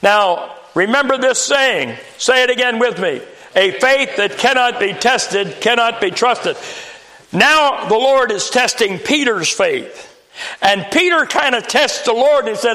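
A man's voice: extremely high pitch, expressive, a little slow, pushed and bright. A man preaching a sermon in a church, folksy and storytelling with touches of humor.

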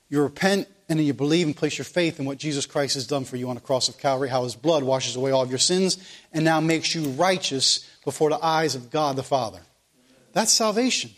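A man's voice: high-pitched, a bit bright. A man preaching a sermon, reading scripture emphatically and speaking earnestly to his congregation, with some restarts. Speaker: pastor.

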